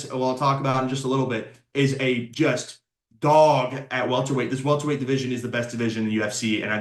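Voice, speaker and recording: A young man hosting casual opinion commentary on fighters, excitable, blunt and full of slang. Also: medium pitch. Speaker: sports commentator and channel host. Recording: roomy echo.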